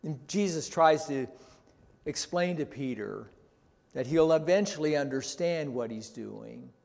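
A male pastor preaching a sermon, deliberate and emphatic, often posing questions to his listeners. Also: fairly high pitch, expressive, creaky, darkish tone. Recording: long reverb in a large hall.

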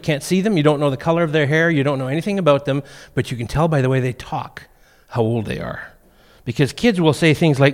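A middle-aged man preaching a sermon, telling funny stories in a lively way. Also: on the high side. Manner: humorous storytelling, animated. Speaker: pastor. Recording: long reverb of a church hall.

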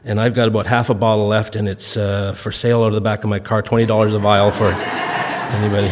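A man's voice: on the low side, level tone, fairly quick, background noise. Folksy older man in a reverberant hall. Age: 50s. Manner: folksy, self-deprecating storyteller with comic timing. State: recovering from a cough, clears throat. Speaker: guest speaker. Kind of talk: humorous storytelling talk to a congregation.

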